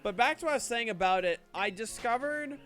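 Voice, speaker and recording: Lively high-voiced male streamer, rambling. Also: brisk, soft background music. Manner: rambling, swears often, frequent restarts. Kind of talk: casual chat while gaming.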